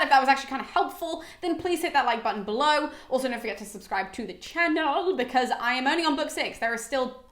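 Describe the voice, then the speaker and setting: A woman's voice: high-pitched, fast talker, hardly any pauses. Gushing woman, echoey room. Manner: gushing, animated, filler-heavy with "like". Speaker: host. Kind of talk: casual chatty summary.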